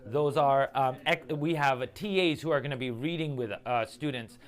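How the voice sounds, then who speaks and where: A man leading a casual team meeting over a video call, talking energetically and quickly. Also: mid-range voice. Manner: energetic, quick, animated retelling. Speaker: program lead.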